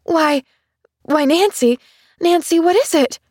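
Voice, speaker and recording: A woman's voice: a little slow, slightly rough, no room sound, clean studio sound. A woman voicing Pollyanna, an eager little girl. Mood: alarmed. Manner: eager, breathless, high and bright. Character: cheerful earnest orphan girl, around eleven.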